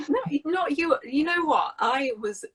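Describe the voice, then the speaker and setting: A woman's voice: high-pitched, big pitch swings, slow, a bit bright, rough recording. A woman teacher in a casual live chat, speaking frankly and bluntly and laughing easily. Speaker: English teacher.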